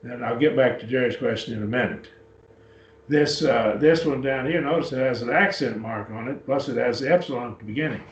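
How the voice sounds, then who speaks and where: A man lectures a Bible class on Greek words, calmly walking through each word form as he operates a computer in a church classroom. His voice is mid-range, and there's a little hiss or hum. The audio sounds dull and lo-fi, picked up by a distant mic in an echoey space.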